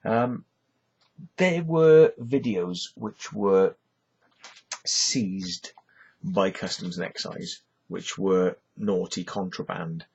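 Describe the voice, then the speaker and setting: A middle-aged Welsh man talks to camera in a loose, rambling way, leaning on "you know" again and again. His voice sits low and gravelly, with a deeply husky edge. The recording sounds muffled and lo-fi. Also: drawn-out words, a little mellow. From Wales. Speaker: YouTuber. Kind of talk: casual rambling monologue.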